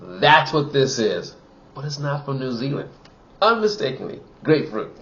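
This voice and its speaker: A man's voice: medium pitch, very animated, normal speed, a bit bright, lo-fi sound. A man giving a casual wine tasting review, chatty and full of "you know" fillers, from Wisconsin.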